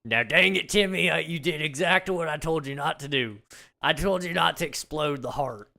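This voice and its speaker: A man playing a secretive, bossy father in a jokey sketch, with a brusque, evasive, hushing manner. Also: medium pitch, normal speed. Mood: shifty. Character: shady dad, secretive and bossy.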